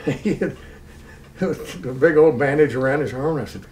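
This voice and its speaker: A man's voice: a little high, a little mellow, recorded from a distance. Older Texan man recounting a war story. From Texas. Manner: plain unhurried recounting, chuckles at own story. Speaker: interviewee, war veteran. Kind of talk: oral history storytelling.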